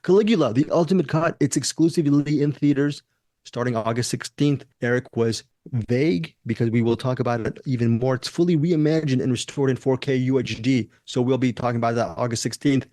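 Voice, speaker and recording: A man's voice: medium pitch, fairly even intonation, brisk, hardly any pauses, darkish tone, dry recording. Jokey male podcast host, dry sound. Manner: jokey, laughs often, playful teasing. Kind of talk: casual podcast chat.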